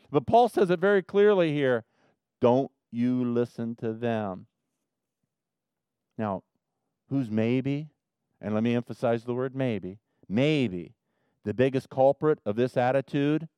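A man preaching a sermon as pastor, swinging from loud emphasis to quiet asides. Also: medium pitch, expressive, takes it slowly, pauses often, smooth, dry recording.

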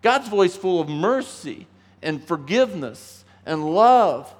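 High-voiced preacher man, echoing hall. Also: animated, takes it slowly. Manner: emphatic, acts out quoted voices, rises in pitch when pleading. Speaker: pastor. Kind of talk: sermon. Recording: long reverb of a large hall.

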